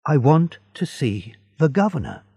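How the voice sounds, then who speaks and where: Desperate young prisoner, insistent and pleading, read by a man with a gravelly voice. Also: fairly high pitch, huge pitch swings, measured pace, dark tone, dry recording, clean studio sound, voice pushed up, full character voice.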